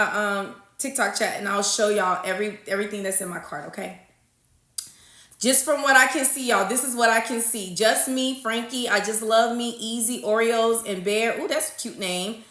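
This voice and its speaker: A woman's voice: a little high, bright, forceful tone. A woman hosting a casual livestream, chatting with viewers and greeting them by name, calling them honey and y'all. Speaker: livestream host. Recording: echoey room.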